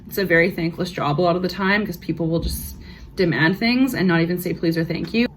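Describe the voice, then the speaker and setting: A woman's voice: on the low side, a little fast, slight background noise. A young woman vlogger telling work stories in a frank, profane, ranting way, casual storytime.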